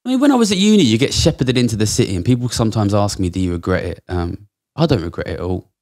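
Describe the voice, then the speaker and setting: A man's voice: on the low side, expressive, racing, a little mellow. A man in his thirties from England, a podcast guest talking bluntly and passionately, swearing a lot. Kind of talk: casual interview talk.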